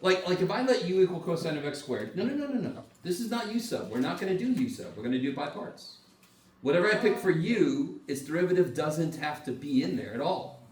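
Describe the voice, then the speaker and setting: A man's voice: fairly high pitch, animated, fairly quick, slight background noise. A man teaching a university math class, casual and joking, swearing freely as he explains. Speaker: math lecturer. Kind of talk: classroom lecture. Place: lecture classroom. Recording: echoey classroom from far off.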